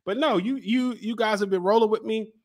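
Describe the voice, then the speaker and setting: A man's voice: high voice, a little fast. A man from Baltimore hosting a casual solo vlog, playful and exclamatory, drawing things out and laughing often. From Baltimore, USA. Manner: lively, exclamatory. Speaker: podcast host.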